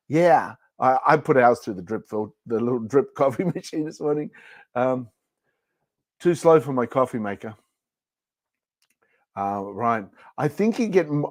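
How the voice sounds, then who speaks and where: Playful higher-voiced male product host. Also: no echo, clean studio sound. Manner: playful, jokey, rambling. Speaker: livestream shopping host. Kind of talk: casual product demo chat.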